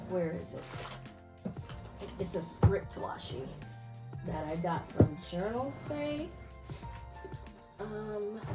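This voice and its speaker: A woman chatting casually while she sets up a planner at home, full of fillers, and she keeps drifting away from the mic as she hunts for supplies. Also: lowish voice. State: yawning, tired. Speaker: planner video host. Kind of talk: casual talk while crafting.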